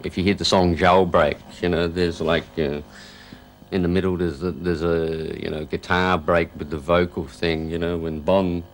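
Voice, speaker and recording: A rock guitarist talking casually in an interview, rambling and filling gaps with "you know", now and then chuckling. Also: male voice, low-pitched, level tone, moderate pace, a little hiss or hum. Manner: chuckles while telling stories.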